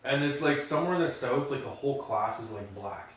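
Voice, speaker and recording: Brisk and mid-pitched, this man co-hosts a podcast, an animated storyteller who belts out the quotes he acts out during casual conversation. Recorded from a distant mic in an echoey room.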